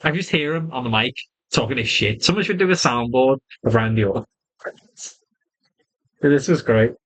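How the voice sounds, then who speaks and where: A man giving a casual solo wrestling review, animated and swearing freely, often laughing. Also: mid-range voice, normal speed, rough recording.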